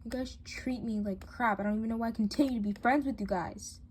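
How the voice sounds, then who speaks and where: A woman's voice: fairly high pitch, fast talker, darkish tone, a little hiss or hum, natural voice. Woman voicing a hurt, stammering teen girl. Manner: stammering, defensive. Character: hurt, hesitant teen girl in doll drama. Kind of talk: doll drama voice acting.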